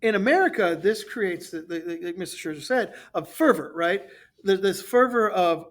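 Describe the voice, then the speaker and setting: A man's voice: sits high, lively intonation, normal speed, a bit bright, a little hiss or hum. A man who teaches history, co-hosting a podcast in casual chat and often repeating words as he thinks.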